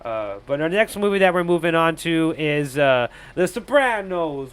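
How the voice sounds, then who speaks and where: A man's voice: on the high side, very animated, moderate pace, few pauses, smooth. A young man giving a casual, crude, rambling movie review on a live stream, often laughing at his own jokes.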